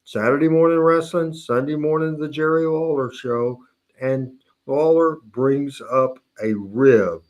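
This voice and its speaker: A man hosting a talk show, telling a long funny anecdote in a casual, animated way. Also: a little high, measured pace. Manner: animated anecdote teller, mimics voices. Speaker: host. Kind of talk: casual storytelling.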